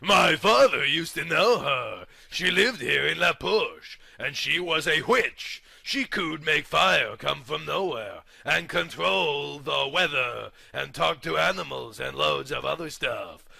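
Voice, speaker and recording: A man voicing a furious, unhinged male werewolf king who shouts his words slowly. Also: fairly high pitch, animated, creaky, no room sound, studio quality, heavily acted. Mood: raging. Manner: shouting, slow and drawn out.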